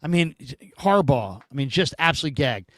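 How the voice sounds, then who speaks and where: A man hosting a casual sports talk show, telling stories in an animated, emphatic way. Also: a little high, brisk, dry recording, studio quality.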